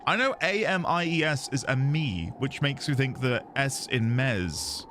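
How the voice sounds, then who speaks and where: A man's voice: medium pitch, lively intonation, a little slow, background noise. A man streaming a game, chatting with his viewers in a playful, goofy way. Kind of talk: casual game-stream chat.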